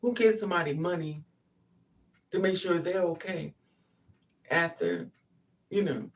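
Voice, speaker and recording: This woman's voice sits on the low side and moves a little slowly as she casually tells a story from her own life. She gets animated, acting out what others said, and the faraway mic carries a faint hiss.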